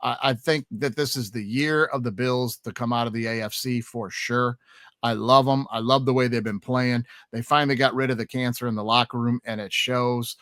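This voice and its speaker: Bright-voiced male sports podcast host. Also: mid-range voice, normal speed, dry recording, clean studio sound. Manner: animated, swears when excited. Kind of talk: casual sports betting chat.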